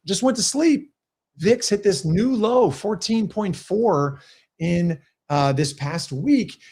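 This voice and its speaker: A man's voice: fairly high pitch, a little mellow. A middle-aged man hosting a weekly trading show, talking energetically and asking viewers rhetorical questions. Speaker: host. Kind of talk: market commentary show.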